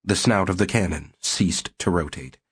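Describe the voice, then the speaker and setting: A man reading a novel aloud as audiobook narrator in a steady, measured way. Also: low-pitched, slightly rough. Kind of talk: scripted narration.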